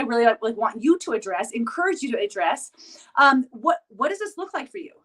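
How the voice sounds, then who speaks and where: A woman's voice: sits high, fairly bright tone. A woman giving casual motivational talk to her viewers in a chatty way, full of fillers and repeated "right?" checks. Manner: chatty, filler-heavy, often asks "right?". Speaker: vlogger. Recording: voice picked up from a distance.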